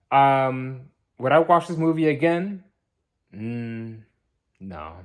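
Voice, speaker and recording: A tired young man giving a casual, rambling movie review, often repeating and restarting his words. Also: medium pitch.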